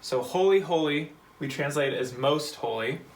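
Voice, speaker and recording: A man's voice: fairly high pitch, poor audio. A man teaching a short Bible Hebrew lesson for a church kids' program, explaining word by word in a patient, step-by-step way. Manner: patient, slow, spells out words.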